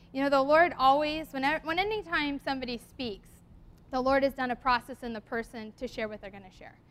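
Woman with a high voice sharing at church, earnest and a bit teary, reads a poem out slow. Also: fairly bright tone. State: tearful at times. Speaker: lay speaker at church. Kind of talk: heartfelt church talk.

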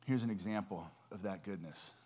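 A man's voice: deep voice, fairly quick, darkish tone. A man giving an informal, earnest sermon in a conversational way, with frequent ums and restarts. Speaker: preacher.

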